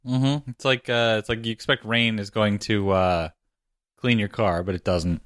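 Tired male co-host, lowish voice on a dry close mic, teasing and deadpan. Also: normal speed, dry recording. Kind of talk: casual chat. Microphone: studio microphone.

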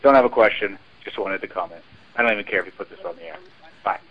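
Low-voiced male caller, rambling offhand voicemail, muffled line. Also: fast. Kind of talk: voicemail message. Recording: muffled phone message.

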